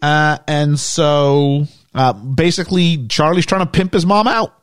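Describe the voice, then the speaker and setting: A man's voice: fairly high pitch, unhurried, clear, resonant tone, no room sound, studio quality. A man hosting a casual podcast chat, recapping a movie in a jokey, storytelling way. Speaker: podcast host recapping a film.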